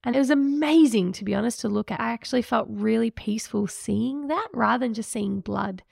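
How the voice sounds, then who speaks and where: A woman's voice: fairly high pitch, brisk, creaky, darkish tone, no echo, clean studio sound. A woman hosting a podcast, candidly and emotionally recounting a personal experience in a reflective way. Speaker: podcast host.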